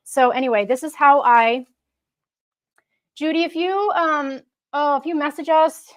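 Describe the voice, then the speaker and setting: A chatty woman hosts a casual live stream, her voice sitting a little high. She rambles along, stopping and restarting her sentences as she goes. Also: unhurried. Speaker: host.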